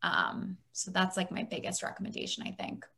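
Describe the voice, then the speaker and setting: A woman's voice: on the low side, sing-song, a little fast, vocal fry, sharp tone. A woman therapist speaking as a podcast guest, chatty and thinking aloud with many fillers. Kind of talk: casual interview chat.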